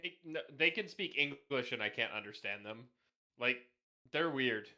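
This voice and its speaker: Canadian man, podcast guest, bright forceful voice, rambling and jokey. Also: mid-range voice, animated, normal speed. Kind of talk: casual podcast chat.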